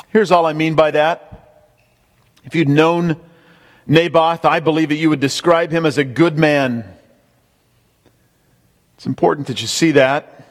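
A man's voice: fairly high pitch, fairly even intonation, a little slow, long pauses. A man preaching a sermon, emphatic, repeating key points and speaking straight to the congregation. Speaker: pastor. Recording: long hall reverb.

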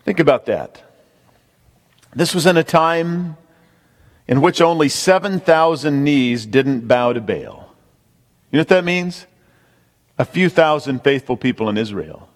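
A man's voice: on the high side, animated, a little slow, long pauses. A man preaching a sermon, emphatic, repeating key points and speaking straight to the congregation. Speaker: pastor. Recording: long hall reverb.

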